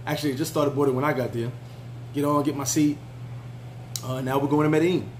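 A man recounting a trip in a loose, chatty way, his voice sitting a little higher than most men's. He stops and restarts often and leans on fillers. A faint hum runs behind him. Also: fairly even intonation, fast, rough recording. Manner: laid-back, chatty, frequent fillers and restarts. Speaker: travel vlogger. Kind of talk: casual storytelling.

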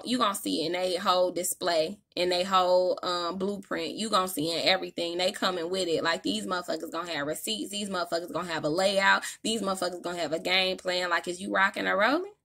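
A woman's voice: on the low side, vocal fry, sharp tone. A woman giving a casual tarot reading, talking in an emphatic, slangy, profane way. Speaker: tarot reader.

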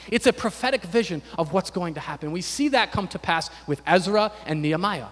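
A man's voice: sits high, expressive, fairly quick, few pauses, fairly bright tone, in a large hall. A man preaching a sermon to his church, emphatic and repetitive, building to fervent declarations. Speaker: pastor.

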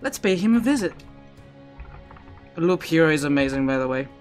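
Chatty higher-voiced male streamer. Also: animated, moderate pace, soft background music. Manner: chatty, rambling, restarts sentences. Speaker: Twitch streamer. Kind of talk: live gameplay commentary. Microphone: his own streaming microphone.

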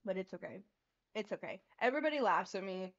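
A woman's voice: medium pitch, lively intonation, fast talker. A young woman hosting a casual livestream, flustered and laughing as she swears through tech trouble. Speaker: livestream host. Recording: lo-fi stream audio.

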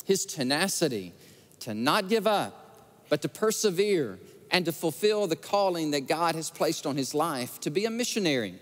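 A man preaching a sermon, telling stories and acting out the quotes with animated feeling. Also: on the high side, moderate pace. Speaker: pastor. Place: large church sanctuary. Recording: church sanctuary with long reverb.

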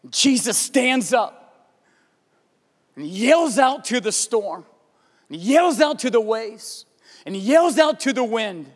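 An American pastor with a notably high voice delivers a sermon, moving from a relaxed story into fervent, pleading passages. His words ring out with the long reverb of a large church hall. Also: takes it slowly, pauses often. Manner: storytelling preacher, rising to impassioned pleas. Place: church auditorium.

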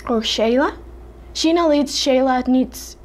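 Mexican lady vlogging, high voice, slow careful tongue twisters, keeps tripping and restarting. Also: darkish tone. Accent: Mexican Spanish. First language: Spanish. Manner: stumbling, self-correcting, giggly. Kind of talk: casual tongue-twister attempts.

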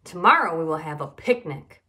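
A woman's voice: low-pitched, lively intonation, bright, forceful tone. A woman voicing a firm, cheerful female schoolteacher in a storybook. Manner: firm and brisk.

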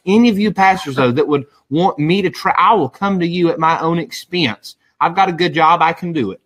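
A man's voice: a little high, a little fast, a bit bright. A man hosting a live-streamed religious talk show, rambling and defiant, with many restarts. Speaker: show host.

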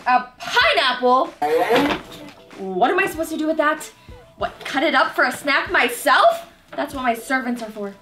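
A woman's voice: high-pitched, expressive, moderate pace, loud music behind the voice. A woman playing a scheming evil fairy disguised as a young queen, bossy and snide. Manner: snide, bossy, sugary when covering up. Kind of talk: comedy sketch acting.

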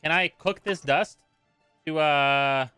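A man's voice: a little high, takes it slowly, pushed and bright, faint music behind. A man casually chatting and joking with friends while playing a modded block-building game. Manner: joking, thinks aloud mid-game. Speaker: gaming channel host. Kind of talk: casual gaming chat with friends.

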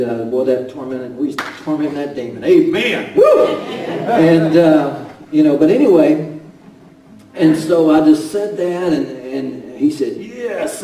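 A man preaching a sermon as pastor, swinging between loud exclamations and hushed storytelling. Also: mid-range voice. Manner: animated, rising to shouts then dropping to hushed storytelling. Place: church sanctuary. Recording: roomy church sound from a distance.

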